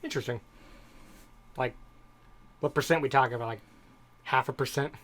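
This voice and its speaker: A male podcast co-host with a mid-range, slightly bright voice speaks at normal speed against light background noise. In casual chat, he rambles between topics with digressive storytelling.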